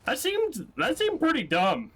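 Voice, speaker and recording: A man casually commentating on his own gameplay as host, excitable and self-mocking, often breaking into laughter. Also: very high-pitched, a little slow. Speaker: let's play host.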